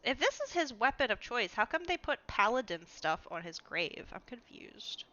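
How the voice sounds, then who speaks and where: A woman's voice: fairly high pitch, big pitch swings, moderate pace, hardly any pauses, bright, forceful tone, dull audio. A woman streaming a game from home, chatting casually, laughing often and talking to her cat. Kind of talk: casual chat while playing a game.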